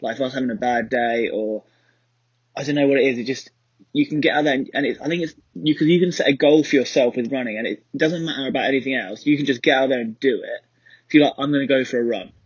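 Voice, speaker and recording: Fast, husky young man chatting. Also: mid-range voice, dry recording. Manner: rambling, many fillers and restarts. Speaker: podcast co-host and running coach. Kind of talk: casual chat. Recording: slightly dull lo-fi recording.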